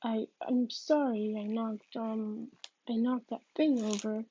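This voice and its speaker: A woman's voice: a little high, steady tone, takes it slowly, dark tone, breathy edge, muffled recording, heavily acted. A woman voicing an uneasy young schoolboy who talks hesitantly, stumbling over his words.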